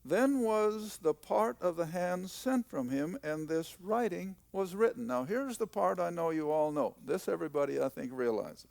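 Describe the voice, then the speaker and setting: A man's voice: high voice, animated, moderate pace, gravelly, few pauses, darkish tone, no room sound. An older man teaching the Bible in a folksy, emphatic way, stressing key points by repeating them.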